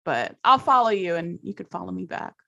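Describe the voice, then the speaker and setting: A woman's voice: fairly low pitch, expressive, brisk, vocal fry, pushed and bright, no echo. A woman hosting a podcast interview, friendly and encouraging as she asks questions. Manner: friendly, encouraging interviewer who laughs along. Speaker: podcast host. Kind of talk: casual interview chat.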